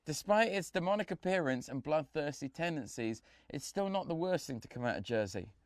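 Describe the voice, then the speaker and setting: A man hosting a comedy web show, reading jokey scripted bits in a deadpan way and bantering with his crew. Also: a little high, a little fast, no echo, clean studio sound. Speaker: host.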